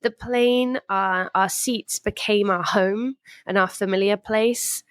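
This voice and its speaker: Woman guest, chatty animated storyteller, mid-pitched voice, dry close-miked sound. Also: slow, no room sound. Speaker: podcast guest, runner. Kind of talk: casual chat.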